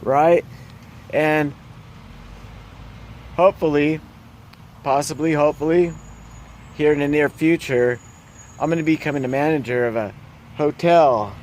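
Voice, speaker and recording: A man's voice: on the high side, unhurried, long pauses, a little mellow, slight background noise. A man ranting in a casual vlog, blunt and profane, rambling through his complaints. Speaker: vlogger.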